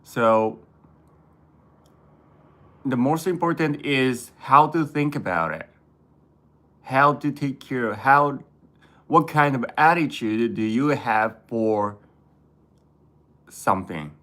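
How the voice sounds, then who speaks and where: Male host, unhurried halting delivery, everyday conversational tone. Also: medium pitch, expressive, a bit bright. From Japan. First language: Japanese. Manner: halting, searching for words, frequent restarts. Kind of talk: casual conversation in English.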